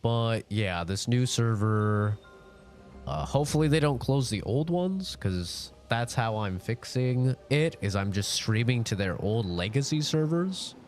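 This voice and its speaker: A man's voice: medium pitch, lively intonation, measured pace, darkish tone, faint music behind. A sick young man with a nasal voice, chatting casually with his live-stream audience in a rambling, laid-back way.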